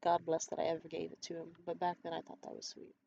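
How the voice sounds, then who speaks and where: A woman vlogger telling a personal story in a candid, profane and animated way. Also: lowish voice, fast, vocal fry. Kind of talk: storytime monologue. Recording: slightly dull, faint hiss.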